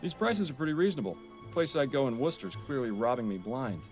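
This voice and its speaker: A man's voice: medium pitch, very animated, soft background music, close to an everyday voice. A man voicing a dry, serious detective. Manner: dry, measured, formal. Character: serious, to-the-point male detective. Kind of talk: voiced game dialogue.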